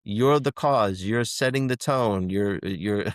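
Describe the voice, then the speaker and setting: A man co-hosting a spiritual podcast, talking casually in halting bursts, repeating words and laughing between points. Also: fairly low pitch, dry recording, studio quality. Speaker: podcast co-host.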